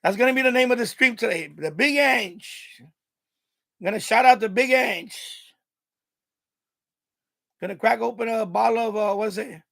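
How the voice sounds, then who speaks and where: New york guy on a live stream, real high voice with a gravelly edge, rambly, dry close mic. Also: moderate pace, long pauses, fairly bright tone, dry recording. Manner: rambling, laughing often, many restarts. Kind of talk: casual live-stream rant.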